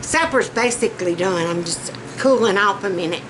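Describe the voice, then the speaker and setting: A woman's voice: medium pitch, animated, moderate pace, hardly any pauses. A Southern woman talking casually while cooking at home, chatty and a bit out of breath, with a fan running behind her. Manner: chatty, folksy, rambling. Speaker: vlogger. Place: home kitchen. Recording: noisy room with fan running.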